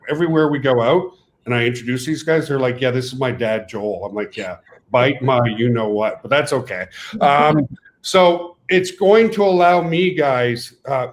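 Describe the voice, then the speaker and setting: A middle-aged French Canadian man, a native French speaker, hosting a video call with a rambling, animated sales pitch that keeps breaking into laughter. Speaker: company CEO hosting a call.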